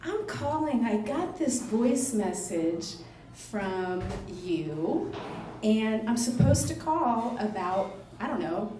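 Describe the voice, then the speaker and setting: A woman voicing a relaxed young surfer-hippie man on the phone, vague and drawling, in a roomy live venue. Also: fairly high pitch, slow pace, recorded from a distance, slight background noise. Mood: laid-back.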